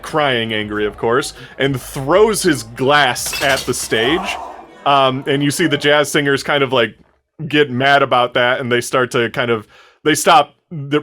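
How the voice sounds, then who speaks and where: Young male game master, bright tone, rambling filler-heavy narration. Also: medium pitch.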